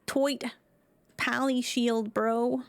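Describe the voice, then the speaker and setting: A woman's voice: fairly high pitch, little pitch movement, very slow, gravelly, dry recording. A woman streamer giving casual, playful commentary on her game, chatty and full of slang and nervous asides.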